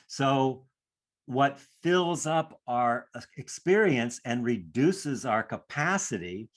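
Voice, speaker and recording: A man teaching a class on stress, speaking reflectively and acting out inner voices as he explains. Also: medium pitch. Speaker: stress coach.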